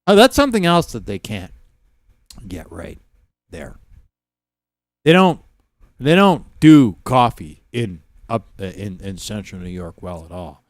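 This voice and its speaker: A man's voice: on the low side, very animated, unhurried, long pauses, no room sound, clean studio sound. A middle-aged Canadian man with a Canadian accent, hosting a casual livestream and talking in a rambling, profane way with frequent laughter. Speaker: livestream host.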